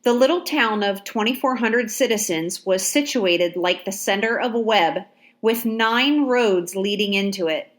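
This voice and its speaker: A woman reading a novel aloud in a measured, even storytelling manner. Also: medium pitch. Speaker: narrator. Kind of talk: audiobook narration.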